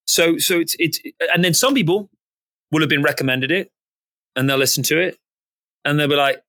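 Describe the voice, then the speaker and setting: Male podcast co-host, casual, swears a lot, slightly high, bright edge, dry. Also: normal speed, no room sound. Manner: blokey, swears casually, stammering restarts. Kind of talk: casual chat.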